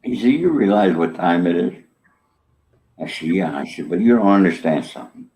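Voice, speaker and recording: An older New York man, a guest on an interview, tells a story in relaxed conversation, animatedly performing the dialogue of the people involved. His voice is low and fairly quick. The audio is dull and lo-fi.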